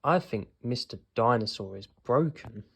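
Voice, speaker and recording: A man's voice: medium pitch, animated, measured pace, creaky, fairly bright tone, slightly rough, exaggerated voice. A man voicing a cheerful, bossy little girl piglet while reading a storybook aloud.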